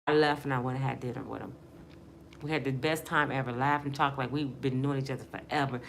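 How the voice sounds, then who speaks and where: Speaking fast with vocal fry and fairly even intonation, a middle-aged woman from Michigan, USA, gives an earnest personal testimony about her life. Her bass voice carries casual, emotional talk over slight background noise.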